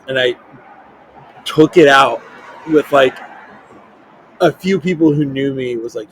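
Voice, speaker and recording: A man's voice: mid-range voice, moderate pace, a little hiss or hum, rough recording. Rambling young man telling a story. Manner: rambling, lots of "like" fillers, animated quoting. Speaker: podcast host. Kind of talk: casual storytelling chat.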